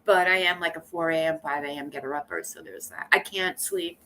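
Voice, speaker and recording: A woman hosting a casual livestream, chatting in a rambling, blunt and animated way and greeting viewers by name. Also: sits low, fairly quick, a little hiss or hum. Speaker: livestream host.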